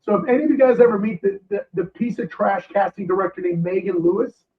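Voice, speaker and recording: A man's voice: high-pitched, animated, fast talker. A man being interviewed, ranting heatedly with many restarts and fillers. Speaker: guest. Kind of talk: casual interview chat. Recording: tinny phone-line call.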